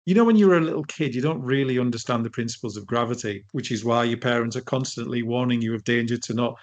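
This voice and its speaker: Brief: middle-aged man, guest coach, animated storyteller, mid-pitched voice. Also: quick pace. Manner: animated storytelling, frequent restarts. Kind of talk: conversational interview.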